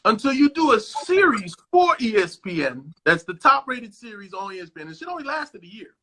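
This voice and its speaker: A man guest in a casual interview, telling stories in a profane, animated way and acting out what others said, over a phone video call. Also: sits high, fairly quick. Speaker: actor guest.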